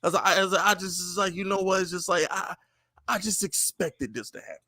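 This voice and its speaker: A man hosting a casual sports podcast, talking in an animated, mocking, slangy way. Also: high voice, fast, dry recording. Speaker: podcast host.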